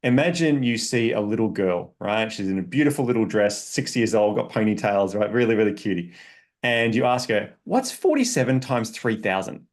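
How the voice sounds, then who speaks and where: A man's voice: on the low side, brisk. A man speaking as a relationship coach on a podcast, explaining emphatically with examples and frequent check-ins. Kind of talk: casual podcast conversation.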